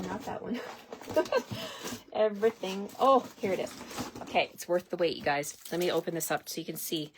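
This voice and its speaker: A lower-pitched woman hosts a live craft supply demonstration, talking in an excited, gushing, chatty way. Her voice comes from a desk mic over a faint hiss.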